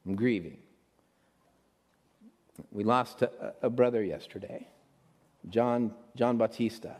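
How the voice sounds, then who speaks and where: A man's voice: medium pitch, fairly even intonation, measured pace, darkish tone. Male pastor preaching in a reverberant hall. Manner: casual, rambling, many restarts. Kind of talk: sermon. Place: church sanctuary.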